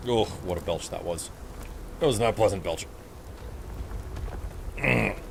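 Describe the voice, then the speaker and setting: A man's voice: low-pitched, measured pace, creaky, background noise. A man streaming a game, giving casual, sarcastic commentary and poking fun at himself. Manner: sarcastic, joking, self-mocking.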